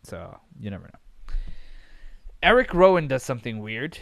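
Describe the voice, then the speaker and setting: A man's voice: mid-range voice, sing-song, normal speed, vocal fry, fairly bright tone, dry recording. Exasperated profane ranting man. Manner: rambling with sighs and restarts. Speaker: podcast host. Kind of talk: casual recap podcast.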